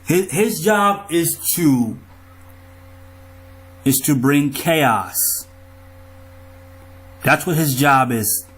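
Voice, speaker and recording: A man's voice: fairly high pitch, animated, very slow, long pauses, fairly bright tone. A man in an angry monologue to his viewers, riled up, profane and ranting. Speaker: vlogger.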